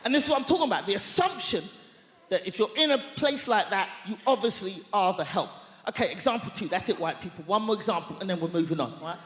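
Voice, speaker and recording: A woman doing stand-up comedy, telling a story in an animated, mock-outraged way on a large theatre stage. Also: mid-range voice. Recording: echoey hall, long reverb.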